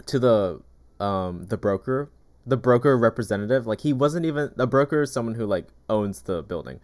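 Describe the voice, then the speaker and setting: A man's voice: mid-range voice, lively intonation, moderate pace, darkish tone. A man in casual chat, telling stories with lots of "like" fillers. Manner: chatty storytelling, heavy use of "like". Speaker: gaming YouTuber. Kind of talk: casual chat while eating.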